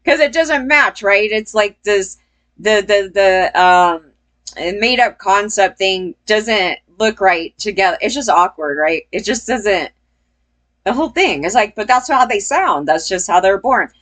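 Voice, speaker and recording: A woman's voice: mid-range voice, expressive, unhurried, fairly bright tone. A woman giving casual opinion commentary as a vlogger, blunt and profane, rambling and laughing between points.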